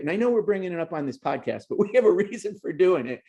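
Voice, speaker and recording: A man's voice: animated, quick pace, few pauses, warm tone. A man hosting a racing podcast, talking in a rambling, emotional way and getting worked up as he goes. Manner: emotional, rambling, pitch rising when worked up. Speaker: podcast host and race announcer. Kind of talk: casual podcast interview.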